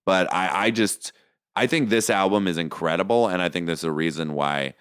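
Deep-voiced man chatting loosely. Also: moderate pace, fairly bright tone, clean tone, dry recording, studio quality. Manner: loose, enthusiastic, heavy on filler words. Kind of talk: casual chat.

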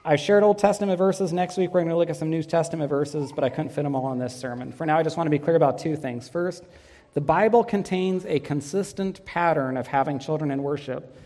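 A man's voice: a little high, brisk, mellow, in a large hall. A man in his thirties preaching a sermon as pastor, earnest and telling stories with light humor. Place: church sanctuary.

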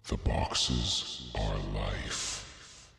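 A man voicing a gaunt female ghoul leader who speaks slowly and with great labor, as if struggling for every syllable, with an echoing reverb over music. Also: rumbling low, creaky, voice pushed down, heavily acted. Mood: solemn. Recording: echoey, reverberant effect with music.

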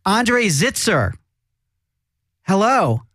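A man's voice: sits high, sing-song, extremely slow, sharp tone. A man hosting a casual comedy talk show, joking and rambling, often breaking off and restarting his sentences. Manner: joking, rambling, self-interrupting.

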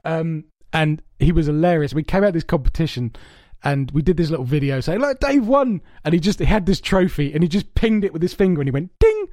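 A man co-hosting a podcast in casual chat, telling long stories in an animated, rambling way with lots of swearing. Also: on the high side, a little fast, hardly any pauses, no echo. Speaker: podcast co-host. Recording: dry, soundproofed home room.

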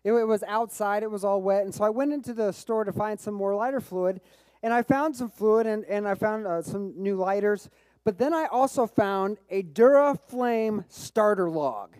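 A man preaching a sermon as pastor, telling a personal story with bursts of excitement and frequent repeated words. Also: high-pitched, normal speed, no echo. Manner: repeats words when restarting phrases.

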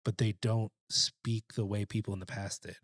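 A man co-hosting a casual film chat, opinionated and profane, talking in an animated way. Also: on the low side, normal speed, dry recording, clean studio sound.

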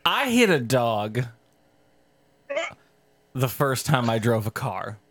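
A young male podcast co-host spins a story in casual, profane chat. His voice leaps high whenever he quotes someone. The sound is dry and close, with no room around it. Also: slow pace, no echo. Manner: profane, animated storyteller with sudden pitch jumps.

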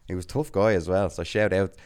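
A man with a very deep voice co-hosts a relaxed podcast. He tells his stories in a chatty way and laughs often as he talks. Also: fast talker, clear, resonant tone. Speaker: podcast co-host. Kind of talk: casual podcast chat.

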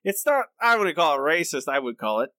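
A man co-hosting a podcast, talking in a rambling, halting way with frequent laughs. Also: on the high side, sing-song, sharp tone, no echo, studio quality. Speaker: podcast co-host. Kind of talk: casual chat.

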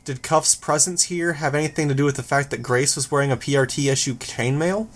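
A man narrating a first-person novel in an even, measured reading. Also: on the high side. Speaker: audiobook narrator.

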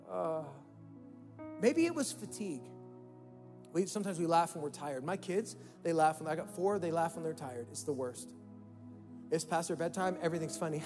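A man's voice: fairly high pitch, lively intonation, normal speed, pauses often, darkish tone. A male pastor giving a conversational sermon in a church, acting out quoted inner voices and often repeating words. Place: church hall. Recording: long hall reverb with faint music.

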